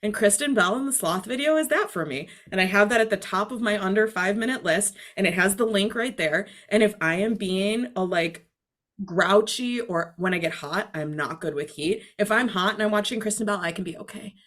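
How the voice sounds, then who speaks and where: A woman who works as a spiritual teacher, a guest on a podcast, talking in a chatty, animated way with many fillers. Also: mid-range voice, brisk. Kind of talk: casual podcast conversation.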